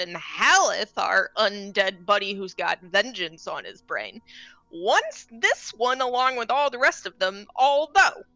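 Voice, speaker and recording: A woman casually recapping a tabletop game session, with wry, deadpan asides. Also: mid-range voice, no echo.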